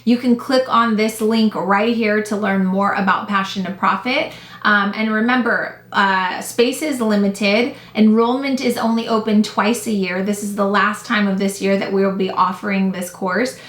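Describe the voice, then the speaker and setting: A woman at a middle pitch makes a direct, pushy motivational sales pitch for her business course. She talks straight to the viewers with urgency. The room around her voice is noticeably echoey. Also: steady tone, normal speed, hardly any pauses, fairly bright tone. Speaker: business coach and course host.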